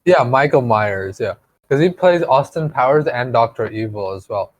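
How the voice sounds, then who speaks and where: A man's voice: mid-range voice, animated, moderate pace, no room sound. A man co-hosting a podcast, rambling crudely and laughing often. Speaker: podcast co-host. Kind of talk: casual banter.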